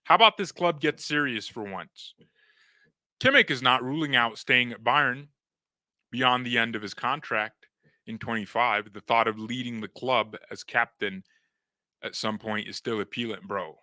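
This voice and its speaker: A man's voice: medium pitch, unhurried, sharp tone, dry recording. A young man hosting a fan live stream, joking in slang, talking to his chat and reading news aloud. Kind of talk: casual live-stream commentary.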